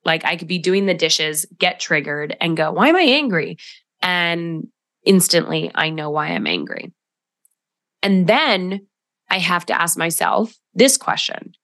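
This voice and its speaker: A woman's voice: on the low side, lively intonation, measured pace, fairly bright tone, no room sound, studio quality. A woman hosting a solo podcast, talking in a reflective coaching tone and often checking in with "right?". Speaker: podcast host.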